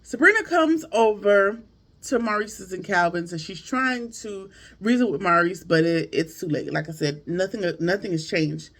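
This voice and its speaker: A high-pitched man with a gravelly edge talks through a TV episode like he's catching up with friends. His delivery is chatty and animated, full of slang and asides to his viewers. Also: normal speed. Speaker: TV show reviewer. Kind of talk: casual recap commentary.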